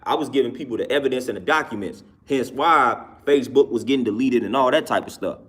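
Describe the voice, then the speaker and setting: Hosting a livestream, a man responds casually to the comments from his viewers, using a medium-pitched, quick, slightly bright voice. Each point gets repeated twice for emphasis, and he laughs between them.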